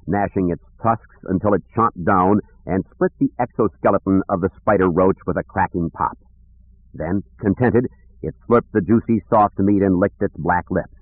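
A man reading an audiobook aloud in a measured, expressive storytelling manner. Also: deep voice, slightly rough, dry recording. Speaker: audiobook narrator. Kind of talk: scripted audiobook narration. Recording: tinny lo-fi audio, dry.

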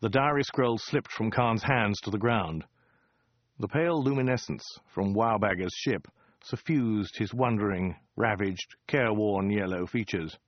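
A man's voice: fairly low pitch, measured pace, no echo, highs cut off. A man narrating a comic science fiction story in a dry, wry storytelling manner. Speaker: audiobook narrator.

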